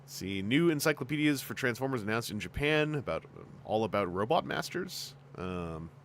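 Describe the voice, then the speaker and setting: Male host, casual chat, mid pitch, very animated and bouncy delivery. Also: normal speed, slight background noise. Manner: chatty, lively, with fillers.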